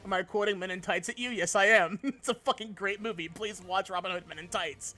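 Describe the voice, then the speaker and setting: A young man chatting on a live game stream with an unusually high voice, bright and forceful in tone. He talks in a loose, excitable way, swearing freely and breaking into laughter often. It sounds like a streaming desk microphone. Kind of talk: casual live-stream chat while gaming.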